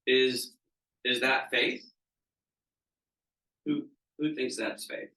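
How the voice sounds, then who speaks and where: Very slowly and in a steady, sharp, mid-range voice, a male business coach talks a group through a conversational training session, checking in with them along the way. The mic sits at a distance in a roomy seminar room.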